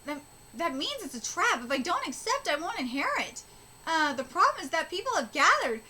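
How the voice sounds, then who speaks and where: A woman streaming a live manga reaction, reading aloud and talking excitably, swearing and stammering as she goes. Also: very high-pitched, fairly quick, rough recording. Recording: steady background noise.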